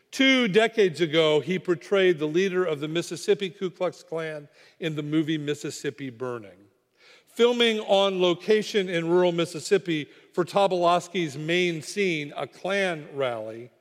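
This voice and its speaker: Male preacher, dramatic sermon storyteller, slightly high voice, long hall reverb. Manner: dramatic storyteller, dropping to quiet for weight.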